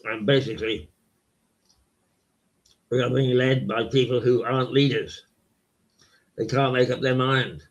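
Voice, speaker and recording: An older man from hosting a local webcast, talking in a slow, rambling, croaky voice full of fillers. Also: medium pitch, steady tone. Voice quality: croaky, gravelly voice. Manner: slow, halting, many fillers and repeats. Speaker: local TV host. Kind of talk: rambling casual monologue. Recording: dull lo-fi webcast audio.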